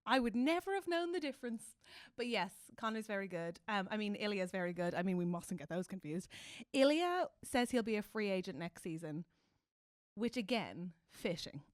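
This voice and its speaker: A woman co-hosting a podcast in lively casual chat, bouncing between quick asides and acted-out lines from the show. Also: mid-range voice, no echo, studio quality. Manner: animated, quick asides, acts out characters' lines. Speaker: podcast co-host.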